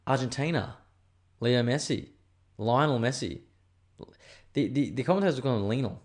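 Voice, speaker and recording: A man's voice: medium pitch, lively intonation, normal speed. A young man hosting a solo podcast, chatting casually and swearing as he rambles through stories. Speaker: podcast host.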